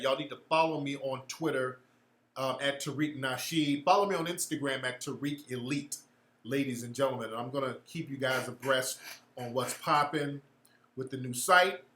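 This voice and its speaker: A man's voice: medium pitch, a bit bright, echoey room. A man hosting a casual livestream chat, answering viewers in a blunt, slangy, profane way.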